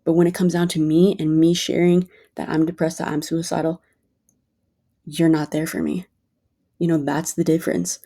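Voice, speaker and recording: A woman's voice: sits low, level tone, moderate pace, warm tone. A woman talking casually and earnestly to camera in a personal vlog, rambling with lots of "like". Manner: earnest, rambling, heavy use of "like". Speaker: vlogger.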